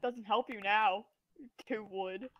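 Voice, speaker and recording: A woman's voice: mid-range voice, fairly even intonation, takes it slowly, dull audio. A young woman playing a co-op game with a friend, teasing, punning and giggling. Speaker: co-op game partner. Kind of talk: casual gaming chat.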